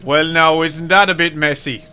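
A young man doing let's play commentary on a horror game, swearing freely and yelling at enemies. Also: on the high side, fairly even intonation, normal speed, clear, resonant tone. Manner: swears a lot and yells at enemies. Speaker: gaming YouTuber.

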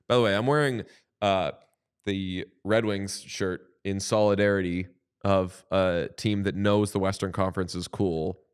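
A man with a lowish, clean-toned voice co-hosts a podcast, chatting casually and cracking jokes. He's playful and animated, including during a jokey ad read.

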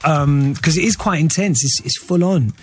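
A man chats as a guest in a radio studio, loose and self-deprecating, wandering through his answers with restarts. His voice is slightly husky and sits a little high for a man. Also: moderate pace, soft background music. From London. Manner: relaxed, self-mocking, rambling with restarts. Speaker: guest actor. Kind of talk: casual radio interview.

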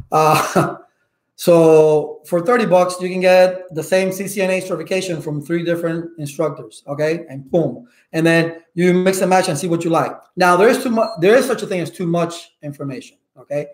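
Loud, emphatic man with a fairly high voice. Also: normal speed, reverberant. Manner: loud and emphatic, keeps asking "okay?". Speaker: IT certification instructor. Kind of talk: casual advice to viewers.

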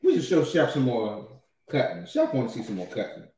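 A man's voice: medium pitch, huge pitch swings, fairly quick, mellow, roomy sound. A man co-hosting a casual cooking livestream, who exclaims often and talks to viewers as y'all. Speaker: livestream co-host cooking ribs. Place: home kitchen.

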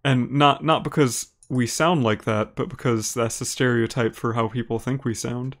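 A man with an Upper Midwest American accent streams a game live, talking casually with his viewers. His voice sits at an ordinary middle pitch, and his delivery is easygoing and chatty, with light laughs as he reads and answers chat messages. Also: moderate pace. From Minnesota, United States. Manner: relaxed and chatty, laughs easily, talks to viewers by name. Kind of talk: live gameplay commentary, reading chat aloud.

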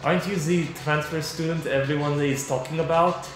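A man's voice: on the high side, steady tone, normal speed, over music, lightly acted. A man voicing a cheerful young male French exchange student with a put-on French accent, in a very echoey room. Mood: friendly.

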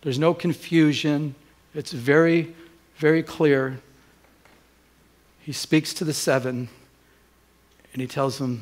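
Middle-aged male pastor, animated storyteller, slightly higher voice. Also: takes it slowly, long pauses. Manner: animated storytelling, acts out dialogue, many restarts. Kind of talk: sermon with personal story.

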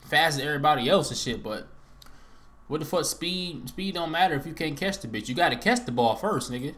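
A young man talks over football highlights in a loose, profane, slang-heavy way, venting disbelief at the action. His voice sits a little high and moves all over the place. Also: animated, fairly quick, fairly bright tone. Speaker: sports reaction host. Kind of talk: casual reaction commentary.

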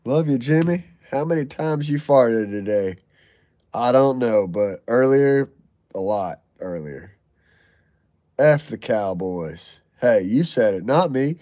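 A man in his thirties hosts a casual livestream, reading viewer comments and telling stories in loose, jokey slang, and he gets excitable over donations. His mid-range voice is slow-paced, captured in a dry, studio-quality recording.

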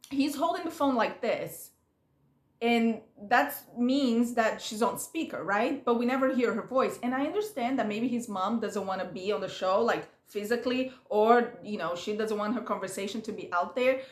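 A woman's voice: a little high, reverberant. A woman recapping a reality show in a casual, gossipy chat, acting out what others said. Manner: chatty, gossipy, animated quoting of others. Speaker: recap vlogger.

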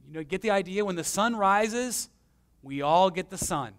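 A man preaching a conversational sermon as pastor, swinging between emphatic and hushed, with self-deprecating stories. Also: high voice, lively intonation, moderate pace, smooth. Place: church.

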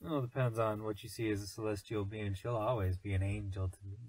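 A man's voice: on the low side, steady tone, quick pace, a little mellow, dry recording, rough recording. A man co-hosting a casual podcast, joking and teasing his co-host. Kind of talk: casual chat.

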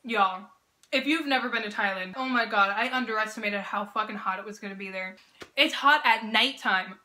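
A young woman hosting a casual reaction vlog, gushing and excitable, laughing often and swearing freely. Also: mid-range voice, fairly quick. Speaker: reaction video host.

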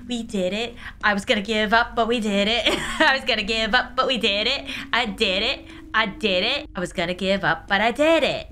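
A woman's voice: mid-range voice, normal speed, hardly any pauses, pushed and bright, a little hiss or hum. A woman YouTuber giving jumpy, nervous commentary while playing a horror game, often shrieking and laughing and repeating panicked exclamations. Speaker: gaming YouTuber.

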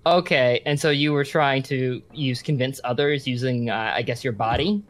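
A man's voice: mid-range voice, moderate pace. A man narrating a tabletop role-playing game as game master, switching between narration and character voices.

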